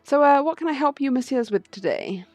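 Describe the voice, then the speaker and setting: A woman's voice: expressive, fairly quick, darkish tone, dry recording, faint music behind. Woman doing a muffled, polite, jittery giraffe maid for a game read-through. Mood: nervous polite. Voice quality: muffled, as if from high up. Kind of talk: game playthrough read-aloud.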